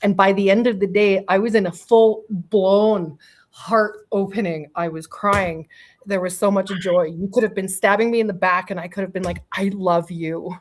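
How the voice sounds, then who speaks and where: A woman's voice: mid-range voice, fairly even intonation, normal speed. A middle-aged woman, a medium and guest, telling a personal story in a casual interview. She laughs often, swears offhandedly and acts out quotes.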